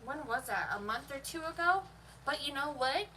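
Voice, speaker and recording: A young woman delivers a heated, profane, emphatic rant to camera. Her voice is bright and on the higher side. She sits a little back from the mic, with a faint hiss under her words. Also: lively intonation, normal speed. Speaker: vlogger. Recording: voice a bit far from the mic, faint noise.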